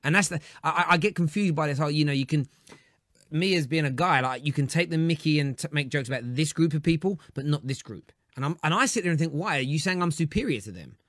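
A man hosting a casual podcast chat, loud and rambling with frequent restarts. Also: on the high side, animated, fast talker, dry recording, clean studio sound. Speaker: podcast host.

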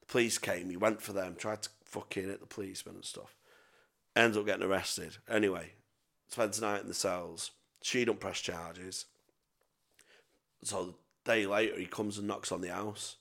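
A man's voice: deep voice, fairly even intonation, normal speed, creaky, fairly bright tone. A young man telling sweary, rambling stories in casual chat as a podcast co-host. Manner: sweary, rambling anecdotes with self-mocking laughs.

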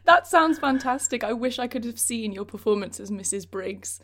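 A young adult woman with a slightly high voice hosts a relaxed chat. She teases playfully and laughs easily, with a friendly, lively manner. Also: moderate pace. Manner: warm, laughing, playful teasing. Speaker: host. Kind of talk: casual chat.

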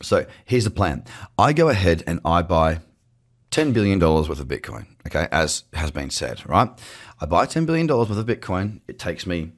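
A man's voice: low voice, very animated, moderate pace. A man hosting a crypto show, talking casually and chattily to camera from his office, with jokey asides. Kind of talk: casual market commentary to camera. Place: home office with screens. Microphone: webcam setup.

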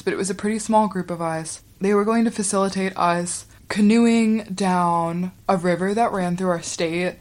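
A young woman hosting a podcast, telling a story in a chatty, wry way with the odd swear. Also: fairly low pitch. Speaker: podcast host. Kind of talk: casual storytelling.

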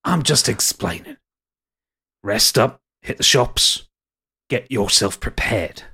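A man's voice: animated, slow, sharp tone, husky, heavily acted. A man voicing a theatrical, mocking older brother with a Cockney accent in a tabletop game. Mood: fussy. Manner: theatrical, mocking, exaggerated swings in pitch.

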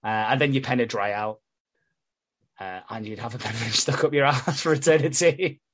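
A man talks through a soap episode in loose, chatty podcast fashion. He swears freely, laughs often and drops into quoted voices for the characters. His voice sits at an ordinary middle pitch. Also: moderate pace, a bit bright. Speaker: podcast co-host recapping a soap. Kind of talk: casual chat.

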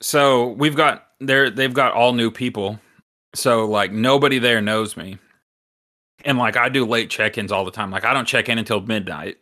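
Guy rambling thru a work story on a podcast, bright punchy voice, says like a lot. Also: medium pitch, moderate pace. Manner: rambling, lots of filler, swears. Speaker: podcast host. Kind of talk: casual storytelling chat.

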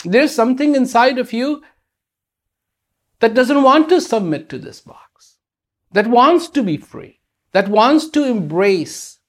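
A speaker giving a reflective spiritual talk, using rhetorical questions and repetition for emphasis. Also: medium pitch.

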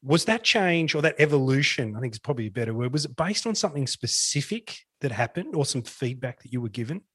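A man interviewing a guest, asking long, measured questions. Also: mid-range voice, lively intonation, fairly bright tone, husky, no room sound, studio quality. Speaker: interviewer, host.

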